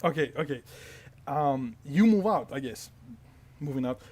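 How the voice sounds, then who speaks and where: A man's voice: medium pitch, animated, unhurried, a crowd in the background. A man narrating as game master, rambling through details with many fillers and asides.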